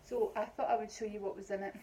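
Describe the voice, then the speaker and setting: A woman's voice: mid-range voice, flat delivery, fast talker, mellow, slight background noise, rough recording. A middle-aged Scottish woman vlogging an unboxing in a casual, rambling way, with many ums. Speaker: beauty vlogger.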